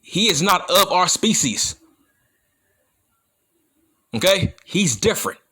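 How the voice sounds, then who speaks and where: A wrestling YouTuber rants to his viewers on camera about wrestling, heated and profane, repeating points for emphasis. His voice is high-pitched, sing-song and sharp, and he speaks at a slow pace.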